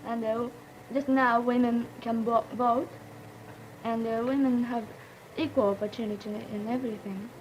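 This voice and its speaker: A teenage girl from Japan, a native Japanese speaker with a Japanese accent, talking haltingly as a student panelist and searching for words. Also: a little high, fairly even intonation, a little mellow, slight background noise, low-quality recording. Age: teens.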